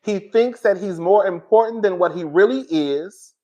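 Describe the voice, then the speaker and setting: Guy with a kinda high voice ranting to his viewers, swears a lot, keeps restarting and going off track. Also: moderate pace, warm tone, dull audio. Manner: candid and profane, talks straight to viewers; rambling, with frequent restarts and asides. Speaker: reality TV commentator. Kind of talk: casual commentary vlog.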